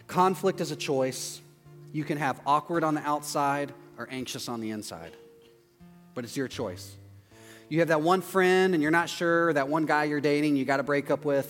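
A man in his thirties, a pastor giving a conversational sermon, acting out quotes with sudden loud yelps. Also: medium pitch. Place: church auditorium. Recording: long hall reverb, faint music.

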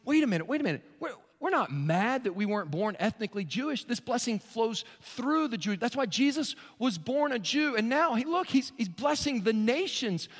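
A man with a Southern US accent preaching a sermon in a church, telling a story with animated bursts and shouts. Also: extremely high pitch, normal speed, few pauses. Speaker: pastor. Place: large church sanctuary. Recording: long hall reverb.

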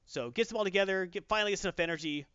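A man in casual chat, animatedly retelling a comic plot and slipping into quick character voices. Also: high voice, sharp tone, clean tone, dry recording, highs cut off.

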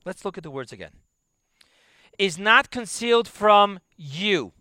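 A man teaching a Torah class, emphatic and repetitive, dropping to quiet asides. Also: high-pitched, lively intonation, unhurried, no echo, studio quality. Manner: emphatic, repeats key phrases, drops to quiet asides.

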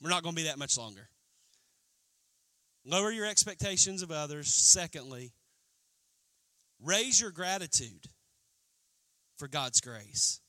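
Animated high-voiced pastor preaching. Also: male voice, measured pace, pauses often, no room sound. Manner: animated preaching, acting out quotes. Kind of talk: sermon. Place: church.

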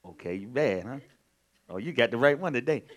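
A male pastor preaching in a conversational way, moving from quiet storytelling to loud, emphatic points. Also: mid-range voice, lively intonation, fairly quick. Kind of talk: sermon.

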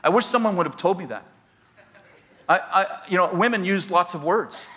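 A man with a high, bright, ringing voice delivering a humorous sermon. He speaks as a pastor and marriage counselor, telling animated stories and playing the people in them. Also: normal speed. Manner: storytelling, animated, acts out quoted people.

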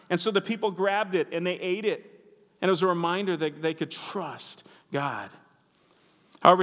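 A man's voice: sits high, a bit bright. A man preaching a sermon in a chatty, conversational way with asides to the congregation. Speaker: pastor. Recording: reverberant hall.

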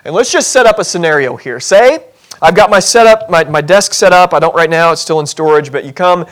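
A male pastor with a high voice delivers a lively sermon in a church. He talks with humor and jumps into quick acted scenes to make his point. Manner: animated, acts out voices in scenarios, self-deprecating humor.

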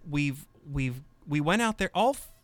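A man's voice: a little high, lively intonation, unhurried, a bit bright, dry recording. A man hosting a casual comedy podcast, rambling and cutting himself off mid-sentence as he jokes with his co-hosts. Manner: rambling, self-interrupting, joking. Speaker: podcast host.

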